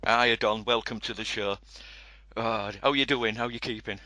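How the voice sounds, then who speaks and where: A co-host with an East Yorkshire accent from Hull, chatting in a jokey, friendly way. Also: male voice, fairly low pitch, steady tone, moderate pace, sharp tone, no room sound. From England. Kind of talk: casual chat.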